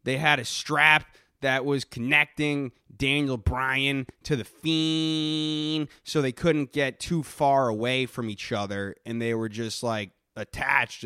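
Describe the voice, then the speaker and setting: A young man hosting his own podcast alone, rambling crudely with heavy swearing while getting high. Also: bright, forceful tone, clean tone, no room sound, studio quality. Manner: crude, rambling, profane, stoned. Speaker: podcast host. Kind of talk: solo podcast rant.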